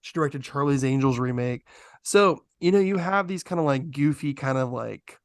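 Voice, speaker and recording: A man co-hosting a podcast, talking in a rambling, animated way with lots of fillers. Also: mid-range voice, normal speed, dry recording, studio quality. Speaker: podcast co-host. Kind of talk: casual podcast chat.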